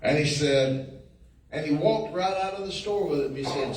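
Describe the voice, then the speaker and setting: A man's voice: on the high side, normal speed, darkish tone. A middle-aged man with a drawl tells down-home stories to a room, mimicking the people in them and chuckling along. He sounds far from the mic in a very echoey space, with a faint hum underneath. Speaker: sheriff giving a talk. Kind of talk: folksy storytelling speech. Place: meeting room.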